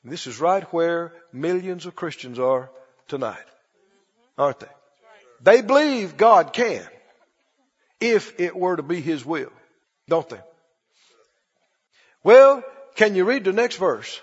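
A male preacher giving an animated, emphatic sermon, repeating lines for stress. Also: high voice, slow, long pauses, husky. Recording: dull lo-fi recording with long hall reverb.

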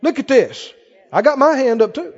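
A man's voice: very high-pitched, big pitch swings, moderate pace, slightly rough, big-room sound, lo-fi sound. A man preaching a sermon to a congregation, reading scripture aloud with rising, fervent emphasis and asking the crowd questions. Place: church with congregation.

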